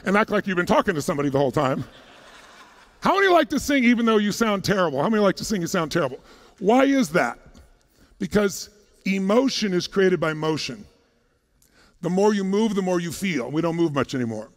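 Brief: male motivational speaker, pitched high, punchy crowd work, joking, booming hall reverb. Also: sing-song. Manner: punchy, fires rapid questions at the crowd; casual, jokey, a little profane. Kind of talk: energetic stage talk to a live audience. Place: large conference hall.

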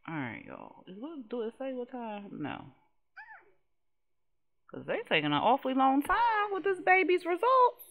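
A woman giving casual, slangy commentary on her life-sim game, talking to the characters and cussing in an animated way. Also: high voice, slow pace, pauses often. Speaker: let's play host.

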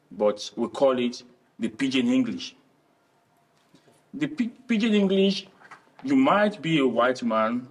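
A man with a Nigerian accent explaining his language in a measured way, pausing often on "uh". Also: mid-range voice, far from the mic. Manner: measured, with frequent "uh" pauses. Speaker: college community member.

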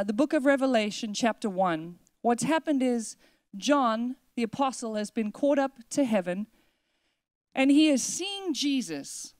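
A woman pastor preaching a sermon in a church, emphatic, building repeated declarations and slowing down to give words weight. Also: high-pitched, clean tone, dry recording, studio quality.

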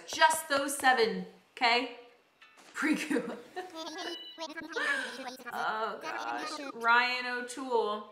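A woman's voice: on the high side, extremely slow, pauses often, sharp tone, echoey room. A young woman streaming a game live, chatting with viewers and sounding exasperated.

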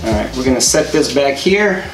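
A man's voice: medium pitch, animated, a little fast. A man co-hosting a crafting video, talking playfully with goofy jokes and asides. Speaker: co-host of a crafting channel. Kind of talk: casual crafting chat. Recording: echoey room with music behind.

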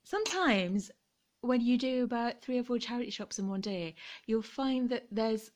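A woman's voice: on the high side, normal speed, a little mellow, a little hiss or hum. A middle-aged woman chatting casually as she shows off her thrift haul, gushing over each find and apologizing for her pronunciation. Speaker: vlogger.

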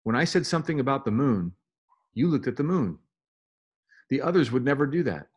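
A man's voice: mid-range voice, sing-song, fairly quick, darkish tone, husky. A man reading a novel aloud and voicing a curious, dreamy teenage girl who speaks eagerly and asks question after question. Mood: earnest. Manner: eager, wondering, full of questions.

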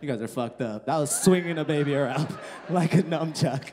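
A stand-up comedian in his thirties, working a club stage with a handheld mic. His voice sits a little higher than most men's. He talks loose and profane, half chatting with the room and often breaking into laughter at his own lines. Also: brisk, a little mellow. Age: 30s. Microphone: handheld microphone.

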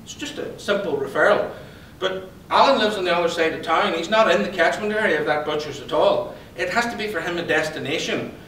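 A man giving a motivational talk to an audience, telling stories and quizzing the crowd in a lively way. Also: sits high, fairly quick, few pauses, a little hiss or hum. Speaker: conference speaker and psychologist. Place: event hall. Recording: roomy hall, distant pickup.

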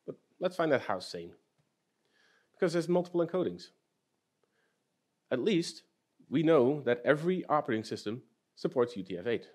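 A man's voice: on the high side, very animated, moderate pace, pauses often, darkish tone. A man giving a technical talk at a conference. He walks through the problem step by step, asks the audience questions and throws in dry, self-deprecating jokes. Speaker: conference speaker. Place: conference hall.

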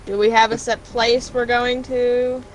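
Teasing Southern woman streamer, high voice. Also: flat delivery, unhurried, a crowd in the background, rough recording. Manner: teasing, swears freely. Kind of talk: casual gaming chat.

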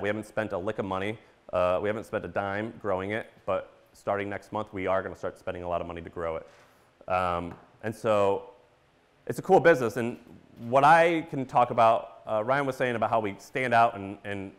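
A man from Missouri giving a casual conference talk, animated and full of fillers, acting out his own reactions as he tells stories. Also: medium pitch. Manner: animated, storytelling with quoted reactions and filler words. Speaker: conference speaker.

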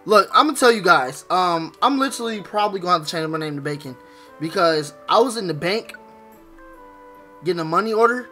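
A man's voice: sits high, pushed and bright. A man giving casual, slangy, playful commentary while playing a video game. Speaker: gaming YouTuber. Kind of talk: let's play commentary.

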